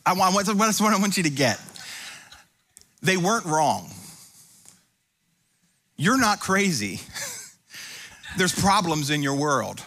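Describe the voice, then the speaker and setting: In a church sanctuary, a pastor in his thirties preaches in a high, sing-song, bright and forceful voice, speaking slowly and pausing often. He builds with rising intensity and repetition, mixing in jokes for the congregation.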